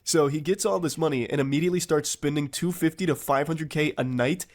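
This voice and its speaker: Stuffed-up guy narrating a commentary vid, sarcastic and mocking, kinda higher voice. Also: a little fast. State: congested. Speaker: commentary narrator in played video.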